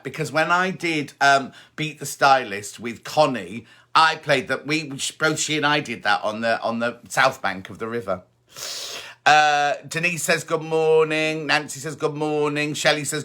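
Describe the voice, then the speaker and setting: A man's voice: fairly high pitch, pushed and bright. A middle-aged man hosting a live stream in a casual, chatty way, reading out viewer greetings and answering them. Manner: chatty, reads greetings aloud and chats back.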